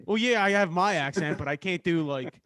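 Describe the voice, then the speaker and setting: A man's voice: high-pitched, a little fast, fairly bright tone, smooth, no room sound. A man co-hosting a podcast, teasing the others and joking with casual swearing. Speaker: podcast co-host. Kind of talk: casual chat.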